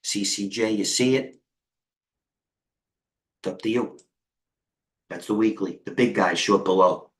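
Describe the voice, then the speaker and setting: A middle-aged American man hosting a live trading stream, excitable and rambling, jumping between stocks with quick quips. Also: fairly low pitch. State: out of breath. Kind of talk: live market commentary.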